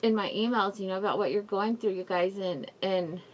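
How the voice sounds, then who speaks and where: A woman's voice: mid-range voice, brisk, a little hiss or hum. A woman vlogging a personal update, rambling and apologetic, in pain and near tears. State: in mouth pain, crying at times. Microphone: camera mic, wearing a face mask.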